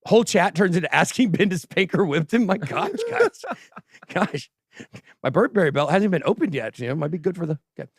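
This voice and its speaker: A man with a drawl talks on a livestream, his voice sitting a touch high for a man. He jokes, brags and banters between news items in a loose, casual way. The sound is dry and close, with no room echo. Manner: joking, boastful banter with crew and chat. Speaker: host of a crypto news livestream.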